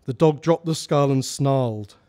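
A man reading his short story aloud at a live salon, narrating at a steady, measured pace. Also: mid-range voice.

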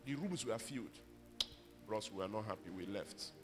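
Over music, a man with a fairly low, lively voice preaches an emphatic sermon at a moderate pace, rising to loud exhortation. He calls on the congregation to repeat his words, and a long reverb tail follows his voice.

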